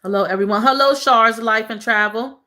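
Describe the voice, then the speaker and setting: Woman, livestream host; casual chat with viewers, soft and emotional, repeats lines. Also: fairly high pitch, normal speed. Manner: repeats phrases, talks to chat as y'all.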